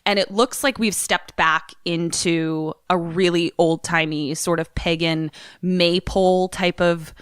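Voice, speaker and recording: A young woman co-hosting a podcast, retelling a movie trailer in casual chat, animated and swearing, with lots of "like". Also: fairly low pitch, measured pace, hardly any pauses, clear, resonant tone, no echo, studio quality. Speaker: podcast co-host.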